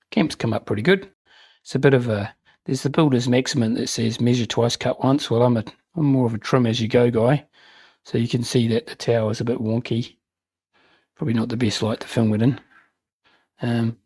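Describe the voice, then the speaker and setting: A man's voice: medium pitch, a little mellow, breathy edge, no room sound. A man hosting his own hobby channel, chatting loosely and enthusiastically as he shows off new miniatures. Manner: chatty, rambling, enthusiastic, self-mocking. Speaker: miniature wargaming channel host. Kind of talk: casual unboxing and hobby chat.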